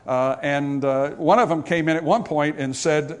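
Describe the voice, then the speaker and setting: A man's voice: on the high side, normal speed, hardly any pauses. Man preaching a funeral sermon. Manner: conversational, storytelling preacher. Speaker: pastor.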